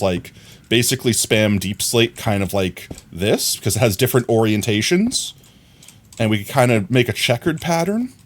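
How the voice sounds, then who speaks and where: A man casually chatting to viewers while playing a building game on a live stream, talking through his plans, laughing often and trailing off quietly while he works. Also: fairly low pitch.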